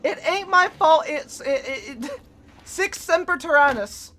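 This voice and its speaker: A woman live streaming, reacting to a video in casual, excitable chat and swearing freely. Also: high-pitched, unhurried.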